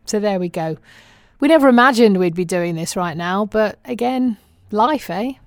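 A woman's voice: mid-range voice, lively intonation, normal speed, no room sound. A woman from England with a British accent, chatting casually to her viewers in a wry, self-mocking way and laughing often. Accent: British English. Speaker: vlogger. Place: living in Phoenix, Arizona.

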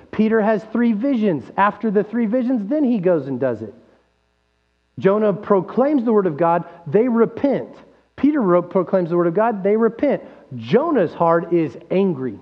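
A man preaching a sermon as pastor, animated, asking rhetorical questions and acting out quoted voices. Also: sits high. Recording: dull lo-fi sound with long hall reverb and mains hum.

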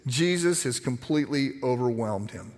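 A man preaching a sermon, teaching in an animated, emphatic way with frequent restarts. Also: mid-range voice, normal speed. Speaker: pastor. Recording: long hall reverb.

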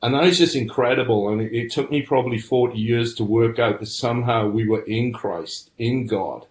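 A middle-aged British man, a podcast guest, earnestly shares his personal story in a mid-range voice at a moderate pace. He often restarts his sentences as he goes, and the recording carries a roomy echo.

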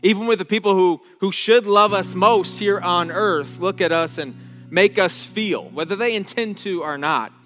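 A man preaching a sermon in an earnest, unhurried way, often stumbling over a phrase and starting again. His voice sits a little high for a man. It rings out with a long echo, and faint guitar plays underneath. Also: fairly bright tone. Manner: earnest, halting restarts, slows down on key words. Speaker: pastor.

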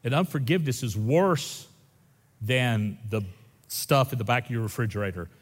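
Brief: man, pastor, lively folksy preaching, long hall reverb. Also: mid-range voice, moderate pace. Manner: folksy, animated, swings between loud and hushed. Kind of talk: sermon. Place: church sanctuary.

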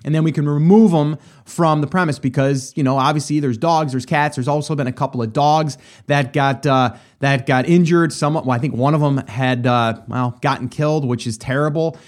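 A man's voice: mid-range voice, fairly even intonation, moderate pace, hardly any pauses. A middle-aged man hosting a talk show, telling a personal story and turning it into business advice in a casual, conversational way with lots of asides to listeners. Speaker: podcast host.

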